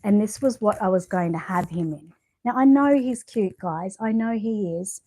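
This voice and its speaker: An Australian woman chatting casually at home as she shows off outfits, rambling and often dropping to a hushed voice. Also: medium pitch, lively intonation, normal speed, a little hiss or hum. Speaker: vlogger showing reborn dolls. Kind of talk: casual show-and-tell chat. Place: home bedroom.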